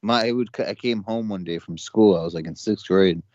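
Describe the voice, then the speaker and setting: A man's voice: lowish voice, fairly quick, a little mellow, no echo, muffled recording. A man hosting a casual chat, rambling with lots of fillers and restarts. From United States.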